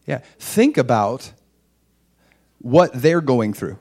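A man's voice: sing-song, slow pace, husky. Middle-aged man preaching in a conversational way. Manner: conversational preaching, telling a personal story; rises in pitch and loudness for emphasis. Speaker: pastor. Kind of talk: sermon.

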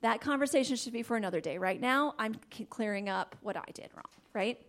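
Woman giving a church-style marriage talk, kinda high voice, animated, laughs a lot, goes soft sometimes. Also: brisk. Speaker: Christian marriage teacher. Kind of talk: faith-based teaching talk.

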